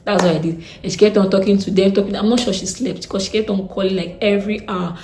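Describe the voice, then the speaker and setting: A young Nigerian woman with a Nigerian accent, telling a story in a blunt, animated way with Pidgin turns of phrase. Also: medium pitch, quick pace, slight background noise. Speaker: vlogger. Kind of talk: casual storytime. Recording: echoey room.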